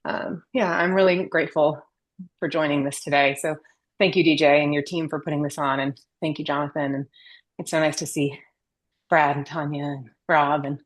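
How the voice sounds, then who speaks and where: A woman's voice: deep voice, flat delivery, moderate pace. A woman joining a video call while walking on a treadmill, out of breath as she gives thanks. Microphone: video call, camera off.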